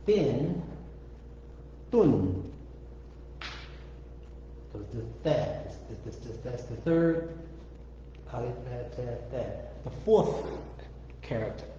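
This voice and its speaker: Man, patient teacher, slow repetition, mellow tone, lo-fi echoey recording. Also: mid-range voice, slight background noise. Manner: slow, repeats sounds patiently. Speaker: Arabic teacher. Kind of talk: informal language lesson. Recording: echoey room, dull lo-fi audio.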